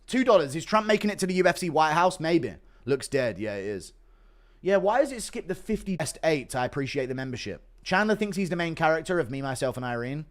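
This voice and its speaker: A man hosts a casual livestream, reading out donations while laughing, swearing freely, and staying animated. His voice is fairly high, at a moderate pace with frequent pauses.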